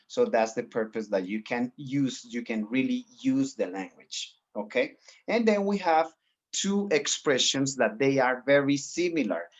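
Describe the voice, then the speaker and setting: Encouraging teacher on a video call. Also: male voice, medium pitch, highs cut off. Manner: encouraging, mixes in Spanish explanations. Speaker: English teacher. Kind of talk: online class instruction.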